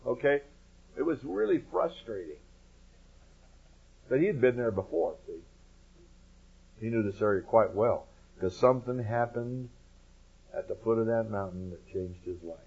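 A man's voice: on the low side, expressive, normal speed, gravelly, pauses often, mellow, slightly rough. Guy preaching bible study, emphatic, chatty asides, muffled lo-fi sound. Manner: emphatic, folksy asides to listeners. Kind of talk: Bible teaching. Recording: muffled lo-fi recording.

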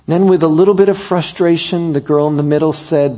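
A man preaching a sermon, telling a story that builds to emphatic peaks and drops to soft, quiet moments. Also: mid-range voice, fairly even intonation, fairly quick, hardly any pauses.

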